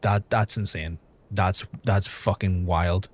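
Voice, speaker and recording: A man streaming live in casual chat, excitable and profane, stumbling over repeated words. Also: low voice, slow. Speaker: livestreamer. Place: indoors at home.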